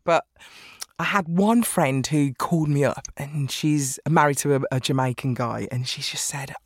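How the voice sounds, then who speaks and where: A woman talking as a guest in a podcast interview, lively and chatty, often breaking into laughs. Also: low-pitched, moderate pace, no echo, clean studio sound. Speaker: guest author. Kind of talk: casual interview chat.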